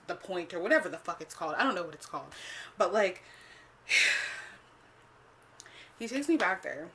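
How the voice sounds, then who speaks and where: A young woman casually telling a storytime about a bad date, animated and profane, with lots of "like.". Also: on the low side, a little hiss or hum. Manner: animated, profane, heavy use of "like".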